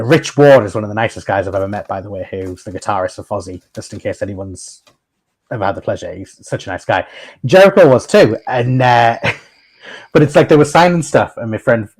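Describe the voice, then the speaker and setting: A podcast host with a fairly low-pitched male voice talks briskly in a casual chat. He rambles through his stories like a chatty storyteller, often restarting and laughing.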